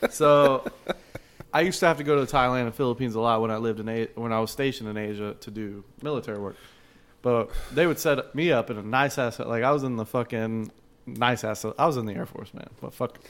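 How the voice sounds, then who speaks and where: A man's voice: mid-range voice, brisk. A man in his thirties on a podcast, telling a crude story in casual chat, swearing freely and laughing between lines. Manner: profane, laughing often, loud when excited.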